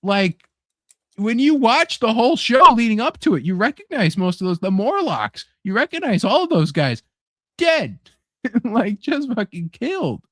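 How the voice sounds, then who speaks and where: A man hosts a loose, casual chat, his voice sitting a little high as he rambles excitedly through fillers and curses. The sound is dry and close with no room around it. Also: moderate pace, dry recording. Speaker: podcast host.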